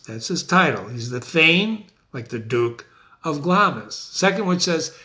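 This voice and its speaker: Animated, unhurried literature teacher, male. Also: a little high. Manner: questions the listener and rephrases quotes in plain words. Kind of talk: lecture on a play.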